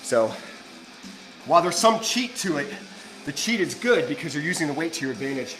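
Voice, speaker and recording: A man's voice: fairly high pitch, very animated, fairly quick, over music, poor audio. A man coaching a live gym workout, breathless between sets, explaining technique. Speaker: fitness coach.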